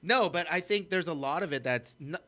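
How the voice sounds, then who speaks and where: A man's voice: a little high, expressive, fairly quick, sharp tone. A man co-hosting a casual podcast, telling rambling stories in an earnest way and swearing as he goes. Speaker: podcast co-host.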